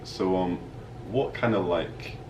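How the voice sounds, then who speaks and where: A man hosts a casual discussion, measured as he asks his questions, in a lowish voice. The echoey hotel lobby makes him sound distant. Clear background noise runs under his voice. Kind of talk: casual chat. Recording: roomy echo, distant mic, audible noise.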